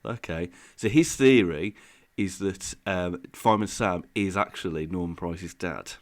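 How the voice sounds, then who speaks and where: A man's voice: low voice, unhurried. A man co-hosting a podcast in casual chat, rambling through his explanations with frequent laughs. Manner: rambling, eager explainer who laughs often. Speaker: podcast co-host.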